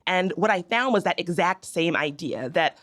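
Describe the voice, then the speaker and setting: Southern-raised gal on a podcast, lowish voice, chatty with jokey asides. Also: female voice, expressive, moderate pace, a bit bright. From American South. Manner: conversational, explains with asides and humor. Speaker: podcast co-host. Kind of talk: casual chat.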